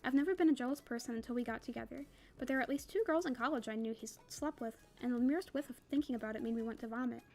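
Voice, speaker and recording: A young woman reads a novel aloud for her book club, her voice sitting on the higher side. She reads at a rapid clip and breaks off for casual asides. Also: darkish tone. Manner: quick reading with casual asides.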